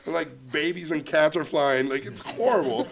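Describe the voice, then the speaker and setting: A man telling a comic anecdote to a student audience, animated and laughing as he acts out quoted lines. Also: fairly high pitch, normal speed, gravelly. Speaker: guest filmmaker at a student Q&A.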